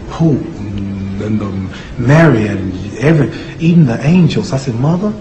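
A former boxer gives a humorous storytelling talk, mocking his subjects in a folksy way and acting out quotes, voices, and sounds. His mid-range voice moves at normal speed with hardly any pauses, over steady background noise.

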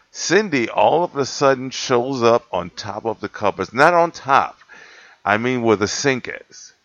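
A man with a lowish voice tells a rambling story to the camera, laughing and correcting himself as he goes. The recording is dull and lo-fi, with a dry sound and no room echo. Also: a bit bright. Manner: rambling, self-correcting, laughs between points. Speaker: cat rescuer telling a story.

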